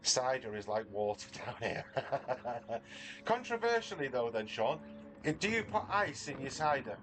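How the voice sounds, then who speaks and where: A man's voice: medium pitch, sing-song, moderate pace, over music. A middle-aged man from northern England with a Manchester accent, chatting casually and self-deprecatingly with his viewers from his garage. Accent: Mancunian. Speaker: livestreamer. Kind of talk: casual chat while racing. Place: home garage.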